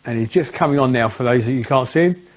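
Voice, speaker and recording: A man's voice: medium pitch, fast talker. A man with an English accent hosting a casual live football chat stream, chatty and joking. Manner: chatty, jokey, upbeat. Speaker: host.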